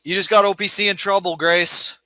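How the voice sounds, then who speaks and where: A man's voice: sits high, fairly even intonation, brisk, pushed and bright, no echo. A man on a livestream panel, sternly warning another panelist, rambling and repeating himself.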